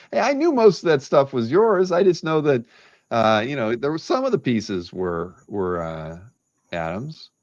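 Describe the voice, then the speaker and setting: A man's voice: mid-range voice, sing-song, measured pace, a little mellow, no echo, dull audio. A man hosting a live art-sale stream, chatting casually and rambling with many restarts.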